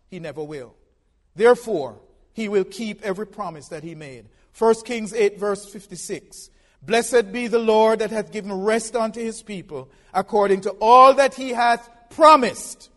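A man preaching a sermon from the pulpit, folksy and humorous, swinging from soft asides to loud emphatic lines. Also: high-pitched, in a large hall. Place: church pulpit.

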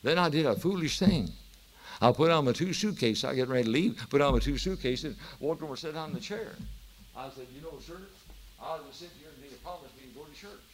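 A man's voice: fairly high pitch, lively intonation, a little fast, slight background noise. Fervent male preacher telling a story. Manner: fervent, rising to emphatic exhortation. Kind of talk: sermon with storytelling.

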